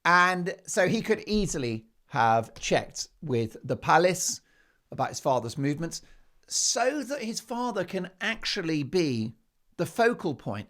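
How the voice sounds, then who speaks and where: Animated, sarcastic male host. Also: fairly high pitch. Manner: emphatic, sarcastic, with rhetorical questions. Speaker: talk show host. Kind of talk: opinionated monologue.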